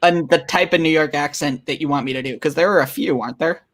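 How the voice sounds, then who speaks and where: A man from Seattle, a freelance guest on a casual stream, relaxed and a little hesitant. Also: fairly high pitch, fast.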